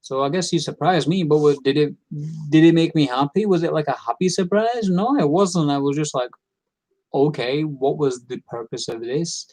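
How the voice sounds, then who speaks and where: Rambling man with a higher voice. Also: a little fast, few pauses, darkish tone. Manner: rambling, opinionated, many fillers and restarts. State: tired. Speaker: wrestling recap host. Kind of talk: casual opinion recap.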